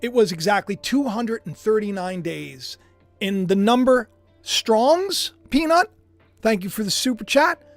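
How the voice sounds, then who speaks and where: Male livestream preacher, animated and emphatic, dry voice over faint music. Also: sits high, measured pace, no room sound. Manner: emphatic, swings from hushed to shouting. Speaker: preacher streaming live.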